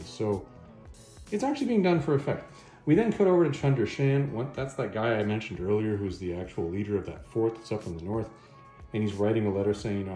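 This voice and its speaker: Male comic reviewer, low and warm, casual retelling with quick character asides; roomy echo, faint music underneath. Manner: chatty, acts out quoted dialogue in passing. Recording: echoey room, faint background music.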